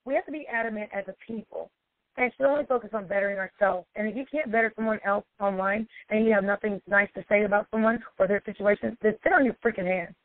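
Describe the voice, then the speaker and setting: A woman's voice: medium pitch, steady tone, fast talker, no room sound. A woman life coach giving an emphatic, preachy self-help monologue and repeating her points for effect. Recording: tinny phone-like dry sound.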